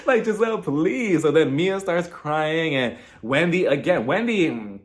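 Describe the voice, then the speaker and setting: A man giving a casual, mocking recap of a reality TV episode, slipping into quick impressions. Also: on the high side, lively intonation. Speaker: TV recap reviewer.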